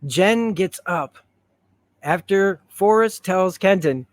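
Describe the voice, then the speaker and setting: A man talks through a TV episode in a loose stream of consciousness, getting worked up as he retells it. His voice sits a little high for a man. The sound is dry and close, with no room around it. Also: moderate pace, no room sound. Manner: rambling, excitable, retells scenes. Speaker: show reviewer.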